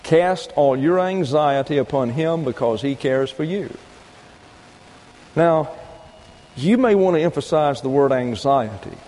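A pastor preaches a sermon, deliberately teaching through numbered points and reading scripture verses aloud. His voice is slightly high, expressive, and a little mellow, heard in a large hall on poor audio.

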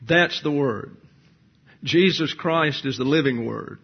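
A male preacher with a slightly husky voice works through scripture verse by verse. He poses rhetorical questions, then answers them in a didactic, matter-of-fact way, with the odd dry aside. The recording is dull and a bit lo-fi. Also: on the high side, takes it slowly. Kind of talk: verse-by-verse sermon.

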